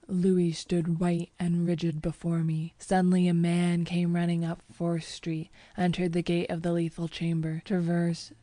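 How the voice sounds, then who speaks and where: A woman reading a first-person audiobook in a measured, even manner. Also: on the low side, no room sound. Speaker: audiobook narrator.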